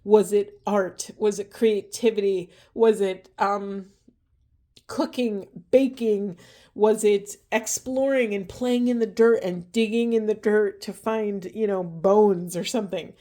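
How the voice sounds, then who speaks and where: A woman giving a spiritual card reading in an earnest, emotional way, asking gentle questions, her voice going hoarse. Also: medium pitch, fairly even intonation, slow. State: losing her voice. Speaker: tarot and oracle reader.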